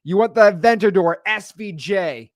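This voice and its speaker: A man's voice: high-pitched, lively intonation, moderate pace, dry recording, clean studio sound. A young man coaching real estate wholesalers in a blunt, sarcastic motivational rant, often stumbling over repeated words.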